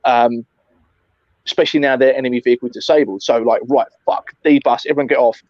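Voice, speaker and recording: A man recounting an airsoft game in casual chat, animated, swearing often and calling his friend mate. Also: medium pitch, a little fast, dry recording, dull audio.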